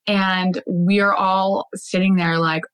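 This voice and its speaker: A woman's voice: mid-range voice, level tone, takes it slowly, a bit bright, clear, resonant tone, poor audio. A woman guest in casual conversation, telling a story animatedly with frequent laughs, fillers and restarts.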